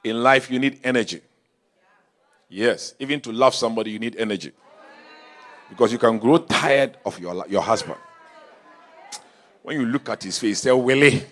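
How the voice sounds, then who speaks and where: A male pastor preaching a sermon in a church, telling stories and swinging from quiet asides to shouted calls. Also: mid-range voice, normal speed, pauses often.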